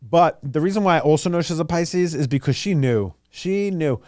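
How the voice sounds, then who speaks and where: A man hosting a podcast in a casual monologue, talking in an animated, rambling and profane way. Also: fairly high pitch, normal speed, dry recording, studio quality. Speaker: podcast host.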